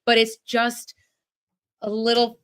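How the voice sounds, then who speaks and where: A woman's voice: on the high side, monotone, takes it slowly, fairly bright tone, clear, resonant tone. A woman co-hosting a podcast, groaning and sarcastic in casual chat. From Buffalo, New York area. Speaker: podcast co-host.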